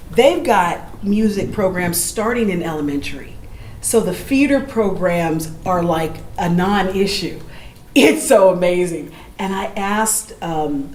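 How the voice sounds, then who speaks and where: A middle-aged woman from Oakland, a jazz vocalist and educator, tells stories to a live audience. She is animated and lets her pitch leap as she acts out the people she quotes. The sound is roomy, with faint ambience from the gallery behind her. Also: a little hiss or hum. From Oakland, California. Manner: animated, acts out quoted voices, laughs easily. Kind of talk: storytelling between songs at a live gallery show. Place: gallery event space.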